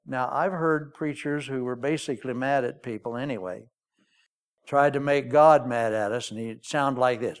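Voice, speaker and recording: A man's voice: medium pitch, moderate pace, smooth. A man preaching a sermon, telling the story in a folksy, joking way.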